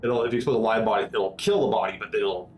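A man's voice: on the low side, rapid-fire, a little mellow, faint music behind. A man narrating as game master in a tabletop game, rambling and full of filler words and swearing.

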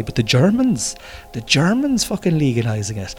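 A man's voice: mid-range voice, huge pitch swings, moderate pace, faint music behind. An Irish man ranting in a casual monologue, swearing freely and rambling with jokes. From Ireland. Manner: profane, rambling, joking. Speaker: vlogger.

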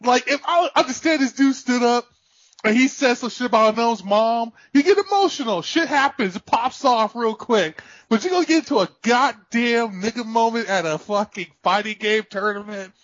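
Brief: man co-host, very high voice, excitable rants, swears a lot, dull lo-fi dry sound. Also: normal speed, dry recording. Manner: animated, profane, ranting with laughter. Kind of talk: casual chat.

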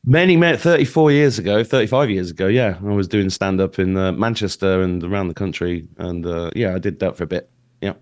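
A man's voice: low-pitched, a little fast, a little mellow. A man in his fifties, a guest in a casual interview, telling stories in a rambling way with many fillers and restarts.

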